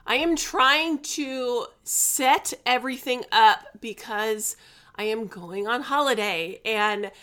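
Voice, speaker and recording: Slow-talking woman podcast host in her forties. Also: on the high side, bright, forceful tone. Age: 40s. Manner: chatty, candid and laughing, with sassy asides. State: tired and stressed. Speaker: podcast host and life coach. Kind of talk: casual chat. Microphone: podcast microphone.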